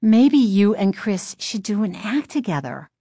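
A woman's voice: medium pitch, big pitch swings, a little slow, dark tone, no echo, clean studio sound, voice pushed up. Woman voicing a friendly young girl. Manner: friendly, suggesting.

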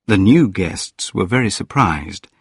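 Male audiobook narrator, deep and breathy, measured delivery. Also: dry recording, clean studio sound. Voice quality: calm, measured reading. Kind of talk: scripted narration.

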